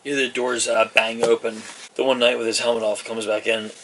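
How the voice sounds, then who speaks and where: Bright-voiced male game master. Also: mid-range voice, flat delivery, brisk, recorded from a distance, slight background noise, rough recording. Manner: loose, rambling narration with fillers. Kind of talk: narrating a tabletop game.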